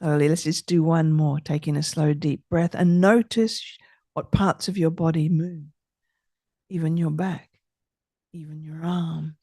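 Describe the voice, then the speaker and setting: A middle-aged woman hosting a podcast, calmly leading listeners through slow breathing exercises with gentle, soothing instructions. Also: sits low, no room sound, clean studio sound. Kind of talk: calm guided breathing exercise.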